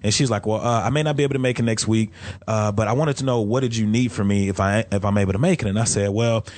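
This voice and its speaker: A man with a lowish voice hosts a podcast and talks quickly. He tells stories by playing out both sides of each conversation. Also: steady tone, a little mellow. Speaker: podcast host. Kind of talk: casual podcast chat.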